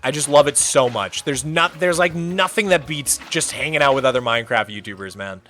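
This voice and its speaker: A young man chatting casually on a live stream, animated and given to playful rants. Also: medium pitch, soft background music. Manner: animated, ranting, quick to exaggerate.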